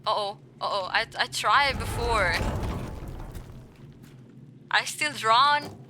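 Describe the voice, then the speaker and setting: A woman's voice: a little high, takes it slowly, background noise. A woman streaming a game, chatting with viewers in a playful, teasing way. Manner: playful, teasing, talks back to chat. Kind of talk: casual gaming stream chat.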